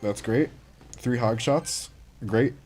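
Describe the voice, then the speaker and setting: A man's voice: mid-range voice, slow, a little mellow, slight background noise. A young man livestreaming a mobile game, chatting casually, reading chat and reacting to plays.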